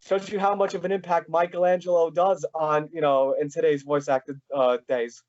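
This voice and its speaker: In dull lo-fi sound, a young podcast host runs a casual interview, rambling eagerly with lots of fillers. His fairly high, darkish voice comes across flat at a moderate pace.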